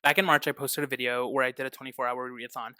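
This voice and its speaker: A man's voice: mid-range voice, rapid-fire, very noisy. A young adult man reviewing books in casual, chatty vlog talk, acting out quotes as he goes. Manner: chatty, animated, acts out quotes. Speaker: book vlogger. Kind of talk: casual book review chat.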